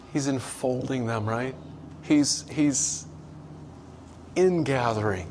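A man preaching a sermon to a congregation in a conversational way, acting out quoted voices with big swings in pitch. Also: expressive, takes it slowly, a little mellow, slight background noise. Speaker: pastor.

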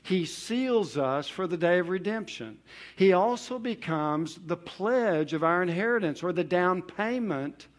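Emphatic preaching man, fairly high voice. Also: expressive, unhurried. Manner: emphatic, building to stressed promises then dropping low. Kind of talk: sermon.

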